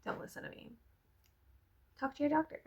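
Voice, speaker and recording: A woman's voice: fairly quick, a little mellow, dull audio. A young adult woman chatting casually in a vlog, rambling, laughing often and swearing freely. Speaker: vlogger.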